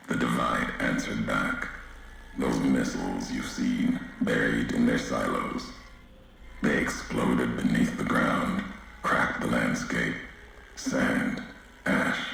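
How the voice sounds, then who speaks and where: Grim gravelly wanderer. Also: male voice, fairly even intonation, fairly bright tone, heavy reverb, full character voice. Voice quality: deep gravelly voice. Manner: slow, solemn, fragmented delivery. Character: grim weathered male wanderer, brooding and accusing. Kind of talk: video game dialogue.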